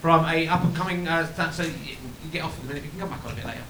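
A man's voice: fairly high pitch, racing, bright, forceful tone, slight background noise. A man hosting a live podcast, joking and often laughing at himself. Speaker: podcast host. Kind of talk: casual chat before a live audience. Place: comedy venue with a live audience. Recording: echoey live room with crowd.

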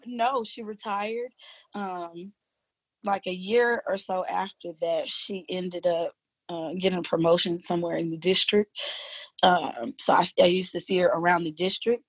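A woman who works as a teacher, telling a story in a casual interview, animated and informal, laughing often. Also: fairly low pitch, no echo.

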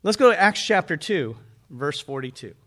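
High-voiced man preaching a sermon. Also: lively intonation, moderate pace, fairly bright tone. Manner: conversational preaching, rhetorical questions. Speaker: pastor.

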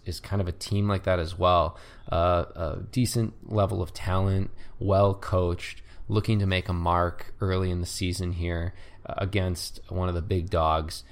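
A man co-hosting a casual sports podcast, rambling and hesitant with many fillers. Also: low voice. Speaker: podcast co-host.

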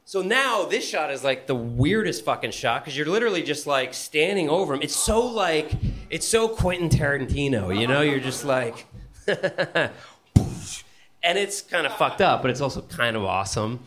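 A man telling a personal story on stage at a live event, animated and profane, often laughing as he talks. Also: a little high, moderate pace.

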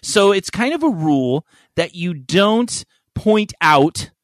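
Man, high voice, rambling crude storyteller, casual chat, dry close mic. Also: big pitch swings, takes it slowly, no room sound. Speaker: podcast co-host.

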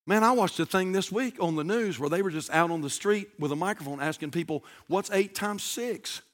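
Preacher, male, folksy and animated, highish bright tone, storytelling sermon. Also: fast. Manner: folksy, animated, says "man" often. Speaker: pastor.

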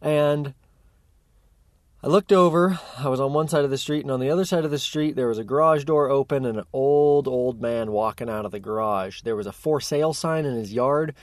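A man's voice: mid-range voice, moderate pace, dry recording, clean studio sound. A chatty, personable man from Central Oregon, casually telling a story to his viewers. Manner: chatty, personable, lively retelling. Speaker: paraglide pilot vlogger.

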